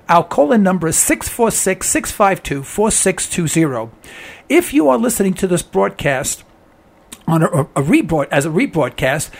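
A man hosting a call-in talk radio show, hoarse with laryngitis, ranting with exasperation and repeating himself. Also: high voice.

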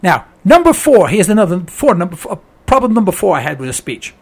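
Hoarse, high-voiced radio talk host. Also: male voice, very animated, a little fast, darkish tone. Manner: ranting, exasperated, repeats words. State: hoarse with laryngitis.

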